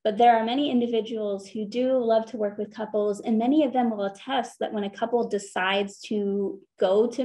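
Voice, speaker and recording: A woman counselor giving an earnest, conversational talk on therapy at a church, slowing down to stress her points. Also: mid-range voice, warm tone.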